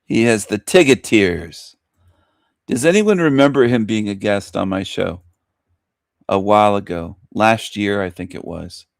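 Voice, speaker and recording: A man's voice: lowish voice, moderate pace, gravelly, no room sound. Man, radio host, shock-jock rant, crude, laughing, dry close sound. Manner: crude, ranting, laughs at own jokes.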